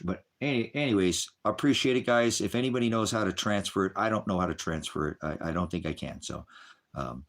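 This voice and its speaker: A middle-aged man rambling on a live stream, frustrated and profane, swinging from angry outbursts to low, weary muttering. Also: a bit bright.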